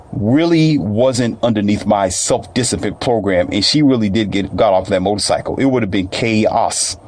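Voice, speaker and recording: A man's voice: fairly low pitch, slight background noise. A man telling a personal story in casual, colloquial speech, repeating phrases and addressing listeners directly.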